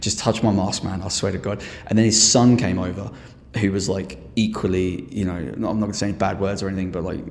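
Lower-voiced English man, echoey room. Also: fast, slight background noise. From England. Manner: animated storyteller, swears freely, acts out quotes. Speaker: podcast guest. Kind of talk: casual chat. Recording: echoey room with long reverb.

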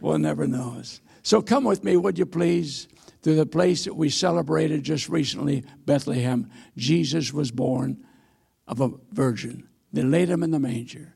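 An elderly man in his eighties gives a sermon from a church pulpit, telling folksy stories at his own expense. His voice sits a little high and carries heavy gravel, with a husky, rough texture. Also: measured pace, a little mellow. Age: 80s. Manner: folksy, self-deprecating storytelling with hesitations. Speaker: missionary preacher. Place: church sanctuary.

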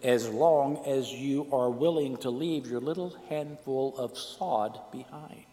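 A man doing God, rich and unhurried. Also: mid-range voice, mellow, natural voice. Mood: coaxing. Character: God as genial, distinguished man, coaxing. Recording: long hall reverb.

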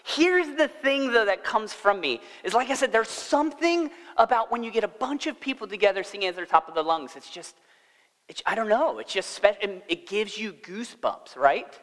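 A man's voice: high voice, lively intonation, normal speed, fairly bright tone, in a large hall, low-quality recording. A man preaching a sermon in a church, talking conversationally and asking the congregation questions. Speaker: pastor.

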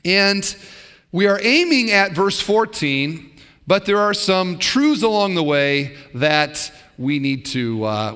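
A man preaching a sermon as pastor, talking casually with fillers and rising to excited bursts. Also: medium pitch, long reverb tail. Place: church sanctuary.

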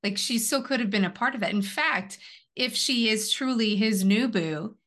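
A woman's voice: on the high side, normal speed, a bit bright. A woman co-hosting a casual podcast chat, musing aloud in a chatty way. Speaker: podcast co-host.

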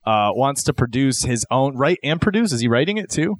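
A man's voice: mid-range voice, sing-song, a little fast. A man hosting a podcast, chatting casually and steering the talk. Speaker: podcast host. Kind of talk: casual chat.

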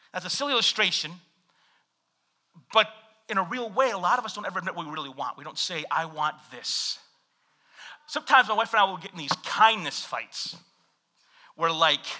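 A male pastor preaching in an animated, storytelling way, moving between scripture reading and humorous anecdotes. His voice is high and very bright, and his pitch leaps around expressively. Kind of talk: sermon.

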